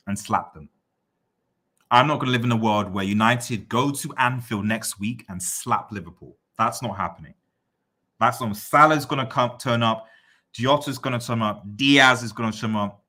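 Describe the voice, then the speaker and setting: Bright-voiced man riffing on chat. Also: on the low side. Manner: repeats phrases, teasing, excitable rants. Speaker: streamer reading chat. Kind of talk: casual live-stream chat.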